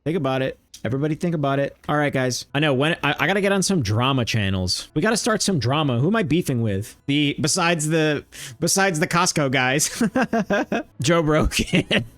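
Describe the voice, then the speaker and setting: A man's voice: on the high side, expressive, fairly quick, fairly bright tone. A man streaming live, riffing in loose, rambling comedy bits and reacting to chat.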